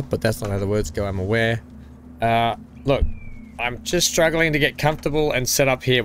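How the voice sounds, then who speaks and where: A gaming streamer chats casually on a live game stream, greeting viewers by name and making fun of himself. His medium-pitched voice is steady, brisk and a bit bright, though he keeps coughing as if something is caught in his throat. There's a faint hiss or hum in the audio.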